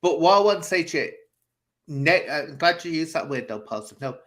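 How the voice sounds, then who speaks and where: A man's voice: a little high, animated, fairly quick, a bit bright. A man hosting a casual chat, rambling and giving blunt opinions. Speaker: host.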